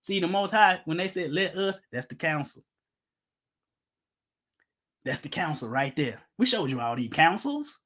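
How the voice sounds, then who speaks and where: A man's voice: fairly high pitch, big pitch swings, measured pace, pauses often, fairly bright tone. A middle-aged man preaching an informal Bible-teaching sermon, emphatic, firing rhetorical questions and joking with his listeners.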